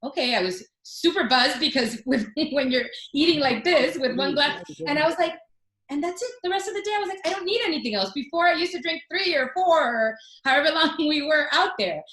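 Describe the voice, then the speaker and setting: A woman's voice: high-pitched, a little fast, echoey room, rough recording. A woman in her forties, a guest telling personal stories in casual chat and acting out quotes. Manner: animated storytelling, acts out quotes.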